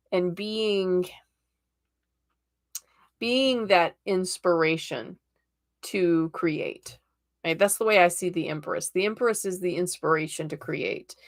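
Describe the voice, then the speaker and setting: A woman's voice: fairly low pitch, slow pace. Chatty woman reading tarot live. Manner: chatty and reassuring, checks in with "okay?" and "right?"; laughs often. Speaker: tarot reader hosting a live stream. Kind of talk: live-stream card reading.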